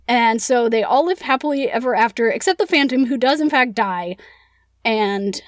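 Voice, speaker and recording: A woman's voice: a little high, expressive, moderate pace, no echo. Chatty young woman recapping a book. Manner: chatty, heavy use of "like". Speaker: podcast co-host.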